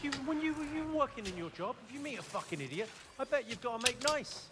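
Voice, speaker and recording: A man's voice: extremely high pitch, very animated, fast, heavy background noise. A man doing stand-up crowd work at a comedy club, brash and sweary, teasing the audience. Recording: live club, loud crowd laughter.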